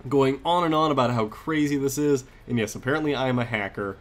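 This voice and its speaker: A man talks casually over footage of his own game, rambling and full of fillers. He gets worked up and excited as he goes. His pitch sits in the ordinary middle range for a man. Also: brisk, few pauses. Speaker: gaming commentator. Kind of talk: casual gameplay commentary.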